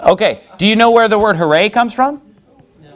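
A man's voice: sits high, expressive, fairly quick, fairly bright tone. A man preaching a sermon in church, firing rhetorical questions at the congregation. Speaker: pastor.

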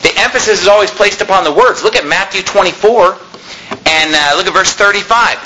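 Male pastor, high and very bright voice, emphatic sermon delivery, church setting. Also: animated, a little fast, slight background noise, rough recording. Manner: emphatic preaching, rising to forceful exhortation.

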